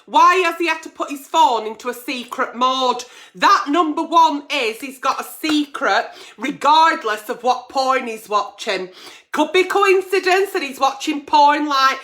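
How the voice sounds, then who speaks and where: A high, bright-voiced woman in middle age hosts a live-stream agony aunt show. Her pitch swings widely as she chats, swears freely and reads out viewers' letters. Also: lively intonation, measured pace. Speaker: advice show host.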